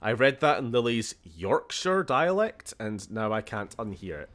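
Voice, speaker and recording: A man's voice: medium pitch, big pitch swings, unhurried, fairly bright tone. A man with a Scottish accent chatting casually and swearing while streaming a game. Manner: chatty, swears, laughs often, shifts tone a lot. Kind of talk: casual gameplay commentary.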